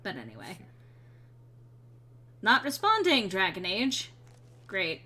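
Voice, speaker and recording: A young adult woman chatting casually while streaming a role-playing game, rambling and clearing her throat now and then. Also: medium pitch, wildly swooping pitch, slow, sharp tone. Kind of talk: casual gameplay commentary.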